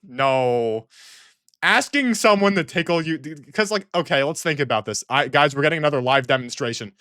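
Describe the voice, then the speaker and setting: A man's voice: fairly high pitch, lively intonation, normal speed, pushed and bright, clean tone, no room sound, studio quality. A man giving comedic reaction commentary in an exasperated, rambling way, often restarting sentences. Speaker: online commentator.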